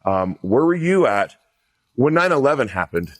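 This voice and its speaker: A man's voice: mid-range voice, big pitch swings, normal speed. A man hosting a podcast, asking direct questions in a casual, chatty way. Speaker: podcast host. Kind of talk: conversational interview.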